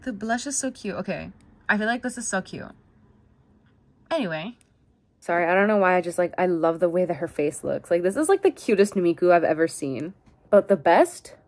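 A young woman chatting through an unboxing, bubbly and full of cutesy baby talk, swinging from high squeals to quiet mumbles. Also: expressive, normal speed. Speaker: unboxing vlogger. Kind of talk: casual unboxing chat.

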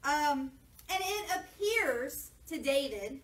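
A woman preaching a lively sermon, retelling scripture casually and acting out the voices of people in it. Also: sits high, slow. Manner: lively, jokey, acts out voices of people in the story. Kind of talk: sermon with playful paraphrase. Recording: echoey church from a distance, faint noise.

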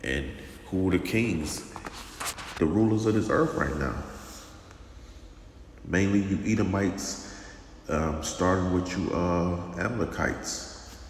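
A man preaching informally and sternly, talking slowly with lots of repetition and restarts. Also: low-pitched. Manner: slow and drawn-out, repeats himself, calls listeners "man", stern. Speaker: religious teacher. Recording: echoey room with long reverb and faint noise.

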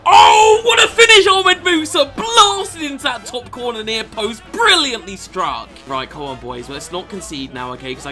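A young man giving sweary, excitable commentary over his own gameplay, swinging from mutters to shouts. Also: on the high side. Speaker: gaming YouTuber. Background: background music.

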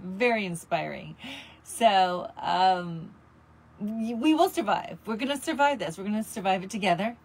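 A woman's voice: mid-range voice, slightly rough. A middle-aged woman hosting a motivational talk show, upbeat and encouraging, breaking into snippets of songs. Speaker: show host.

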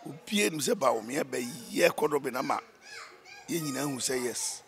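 A man's voice: medium pitch, animated, fairly quick, gravelly, a bit bright, slight background noise. A man giving emphatic, opinionated views as co-host in a casual political chat.

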